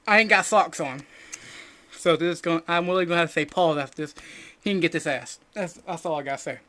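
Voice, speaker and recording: Loud, crude young man ranting. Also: fairly high pitch, quick pace. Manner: loud, jokey and profane, drops to mumbling asides. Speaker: podcast co-host. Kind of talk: casual crude rant.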